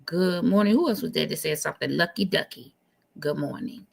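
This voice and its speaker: A woman co-hosting a casual live-stream chat, animated and incredulous, repeating phrases for emphasis. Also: deep voice, a little fast, vocal fry, breathy edge.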